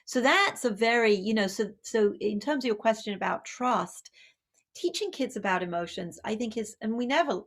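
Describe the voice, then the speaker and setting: A woman's voice: on the high side, lively intonation, normal speed. A woman, a child psychologist and author, giving a conversational public talk on parenting, with many fillers and self-corrections.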